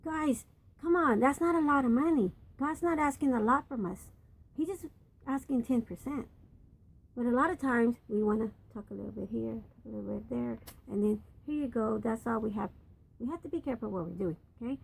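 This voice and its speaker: A woman's voice: a little high, a little fast, gravelly, husky, low-quality recording. Chatty grandmother reading scripture. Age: older. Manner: chatty, folksy asides, reads scripture aloud. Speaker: grandmother teaching Bible lessons. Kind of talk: casual Bible reading and explanation.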